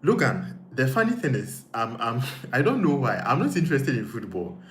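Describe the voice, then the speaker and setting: A man's voice: mid-range voice, wildly swooping pitch, moderate pace, fairly bright tone. A man with a Ghanaian accent hosting a casual live stream, reading viewer comments and thinking aloud with frequent repeats. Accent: Ghanaian English. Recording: echoey room with faint noise.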